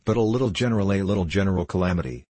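A man's voice: low voice, rapid-fire, dry recording. A man playing a blustering angry friar. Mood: indignant. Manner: blustering, sarcastic, shouting. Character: angry blustering middle-aged male friar.

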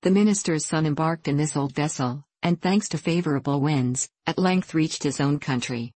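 A woman narrating a fairy tale in a measured, steady audiobook reading. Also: sits low, dry recording.

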